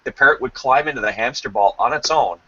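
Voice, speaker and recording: A man's voice: mid-range voice, quick pace, pushed and bright, breathy edge. A man hosting a casual chat, telling jokey anecdotes and acting out voices, on slightly dull lo-fi stream audio. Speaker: podcast host.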